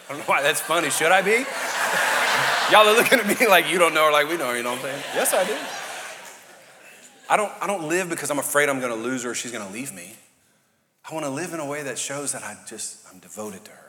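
A pastor preaching a sermon with passion and jokes, swinging between loud fired-up bursts and hushed, quiet lines. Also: male voice, fairly high pitch. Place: large church hall. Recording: reverberant live church hall.

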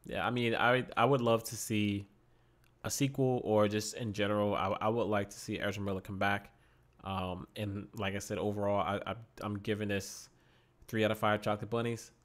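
A man's voice: on the low side, little pitch movement, moderate pace. A man co-hosting a podcast, casually and enthusiastically giving his review of a film. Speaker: podcast co-host. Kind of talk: casual movie review chat.

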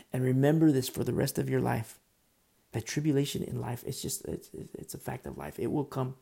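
Gravelly-voiced man preaching earnestly. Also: medium pitch, mellow. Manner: earnest, conversational preaching, drops to a whisper at times. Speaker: pastor. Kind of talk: sermon.

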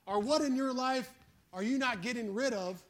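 A man's voice: very high-pitched, normal speed, fairly bright tone. A male pastor preaching a sermon, fervent and emphatic, calling out for an "Amen" and telling folksy, plain-spoken stories.

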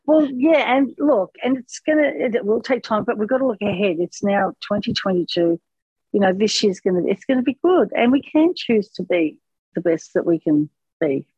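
A woman's voice: medium pitch, animated, normal speed, darkish tone, husky, dry recording. A woman in a casual chat, encouraging and supportive, giving short agreeing replies. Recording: dry, dull lo-fi sound.

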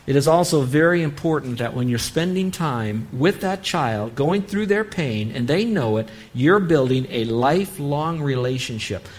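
A man's voice: fairly high pitch, expressive, moderate pace, few pauses. A man preaching a sermon on parenting, earnestly acting out what a parent might say. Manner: earnest, acts out parent-child dialogue. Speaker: pastor.

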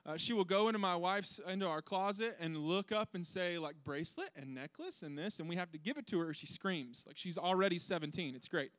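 Young dad with a high voice, animated comic storytelling, dry close sound. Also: male voice, fairly quick, few pauses, no echo. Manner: animated, self-deprecating, acts out his kids' voices. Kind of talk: comedic storytelling to an audience.

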